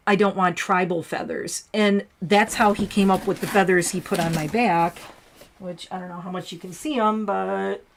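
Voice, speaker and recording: A middle-aged woman, a retired hairstylist chatting casually to livestream viewers while unboxing and reading labels aloud. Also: mid-range voice.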